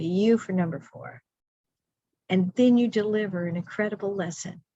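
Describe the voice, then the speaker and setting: A woman's voice: mid-range voice, darkish tone, no echo. A middle-aged woman walks teachers through a planning workshop. She keeps it chatty and upbeat, dropping playful asides between points. The recording is dry and slightly muffled, like a computer mic. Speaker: teacher trainer.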